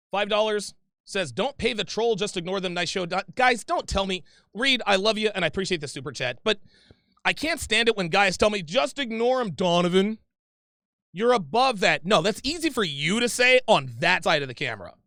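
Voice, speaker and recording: A man's voice: high voice, sing-song, fairly quick, pushed and bright, dry recording, studio quality. A man hosting a livestream, reading viewer super chats and answering them in a heated, profane, confrontational rant, repeating himself often.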